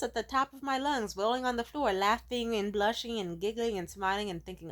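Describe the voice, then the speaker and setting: A twentysomething woman vlogs to the camera, casually and briskly recounting personal stories. She lurches from loud excitement into quiet, low asides, swearing freely throughout.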